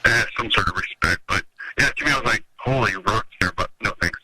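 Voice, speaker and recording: This fast-talking, animated man from Minnesota organizes a metal festival and spins long, meandering tales during a casual interview. When he quotes people, he acts them out in a higher voice, all over noisy radio audio.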